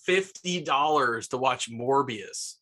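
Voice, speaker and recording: Male podcast co-host with a bright, forward voice, easygoing and slangy. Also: mid-range voice, slow pace. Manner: laid-back, says dude a lot. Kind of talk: casual movie review chat.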